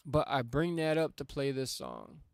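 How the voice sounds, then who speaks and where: A man's voice: mid-range voice, moderate pace, creaky, no room sound, studio quality. A man hosting a music livestream, telling a personal story in a casual, earnest, heartfelt way, full of slang like "bro". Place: home music studio. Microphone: studio microphone.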